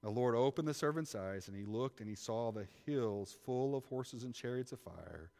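A male pastor delivers a sermon, retelling scripture and dramatizing its characters. His voice sits at an ordinary middle pitch for a man. The sound carries a long reverb from a large hall. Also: normal speed, vocal fry, hardly any pauses. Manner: animated storytelling, acting out biblical figures.

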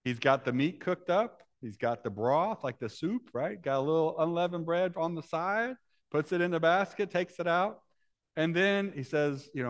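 A man delivering a sermon in a relaxed, conversational way. He keeps checking in with his listeners through short questions and slips into the voices of the characters in the story he is telling. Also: a little high, moderate pace. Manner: conversational, asks the congregation questions; acts out the voices of Bible characters. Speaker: preacher.

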